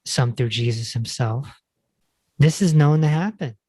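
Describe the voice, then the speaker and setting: A man hosting a podcast, talking in a relaxed, reflective way and chatting casually with his guest. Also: medium pitch, unhurried, slightly rough, no echo. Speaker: podcast host.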